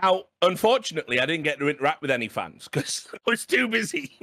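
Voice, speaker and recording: Man, 30s, podcast host, animated storytelling, swears, bright, dry. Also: fairly high pitch, fast, no echo. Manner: animated, swears freely, frequent "right?". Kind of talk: casual storytelling chat.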